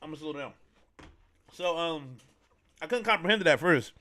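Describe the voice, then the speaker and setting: A young man tells a story in loose, slang-filled talk, wandering and circling back with plenty of fillers. His voice sits a bit high and sounds bright and forceful. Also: animated, normal speed. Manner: slangy, rambling, with many fillers. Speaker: podcast host. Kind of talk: casual storytelling.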